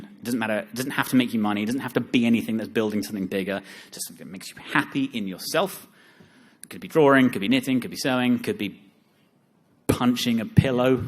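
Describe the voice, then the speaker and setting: Joking man giving a seminar talk. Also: medium pitch. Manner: joking, self-deprecating, lively asides. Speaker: seminar speaker. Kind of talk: live seminar talk with audience.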